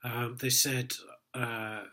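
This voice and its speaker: A man's voice: medium pitch, flat delivery, slow pace, bright, forceful tone. A middle-aged man, telling his own story in a sweary, aggrieved, rambling way, full of ums. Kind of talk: casual personal account.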